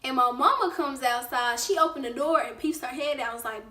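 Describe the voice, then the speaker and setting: High-voiced woman telling a story. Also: brisk, few pauses, distant mic. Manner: lively storytelling, acting out quotes. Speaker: vlogger. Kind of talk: casual storytime. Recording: roomy echo, away from the mic.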